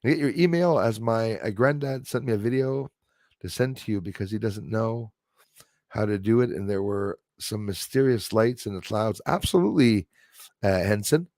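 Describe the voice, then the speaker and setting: A man's voice: fairly low pitch, normal speed, no room sound, clean studio sound. Rambling man on a livestream. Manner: rambling, animated, many restarts and tag "eh?". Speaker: livestream host. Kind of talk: rambling livestream chat reading viewer comments.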